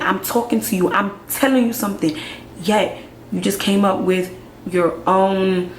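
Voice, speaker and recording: A young woman from Nigeria, talking frankly to camera in a conversational way, full of quick asides and rhetorical questions. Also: mid-range voice, a little hiss or hum. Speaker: vlogger. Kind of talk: candid commentary to camera. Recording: echoey room with faint ambience.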